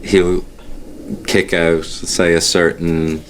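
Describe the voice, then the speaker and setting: An Irish man with a very low voice gives relaxed, measured answers, explaining things patiently. A faint hiss of background noise sits under his voice. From Ireland. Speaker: interviewee.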